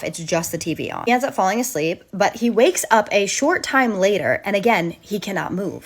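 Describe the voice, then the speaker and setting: Woman, story host, somewhat low voice, dramatic narration, gushing. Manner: animated, dramatic, gushing to viewers.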